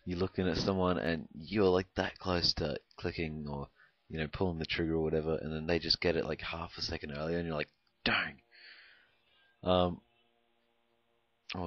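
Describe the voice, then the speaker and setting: Young man, very low voice, rambling gameplay commentary, lots of ums, dull lo-fi sound. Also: dry recording. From Canada. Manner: rambling, hesitant, full of ums and likes. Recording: dry, dull lo-fi home recording.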